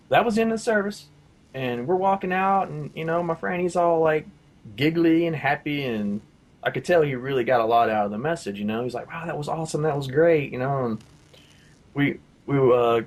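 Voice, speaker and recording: A man sharing a faith testimony in casual talk, rambling with lots of fillers and his voice jumping high and loud at the exciting parts. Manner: rambling storyteller, many fillers like "you know" and "like".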